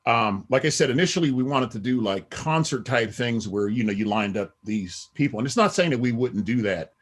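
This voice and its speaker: A man's voice: mid-range voice, expressive, fairly quick. A middle-aged man, a podcast guest, talking in a rambling casual way with many "you know what I mean" asides. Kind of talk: casual interview talk.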